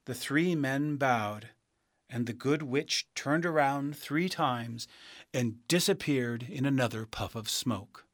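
A man reading a children's storybook aloud as narrator, slow, clear and expressive. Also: medium pitch.

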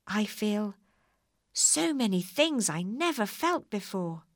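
A woman voicing a tender-hearted male tin man in a storybook reading, soft and grateful. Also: medium pitch, big pitch swings, slow, no room sound, clean studio sound.

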